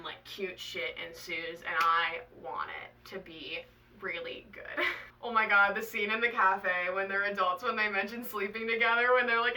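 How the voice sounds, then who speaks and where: A young woman talking casually to camera as a vlogger, chatty and excitable, with lots of "like"s and swearing. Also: medium pitch, far from the mic, low-quality recording. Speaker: author and book vlogger.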